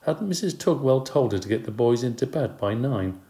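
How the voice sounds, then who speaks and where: In an echoey room, a man reads a children's storybook aloud with lively expression. His pitch is medium and his pace moderate.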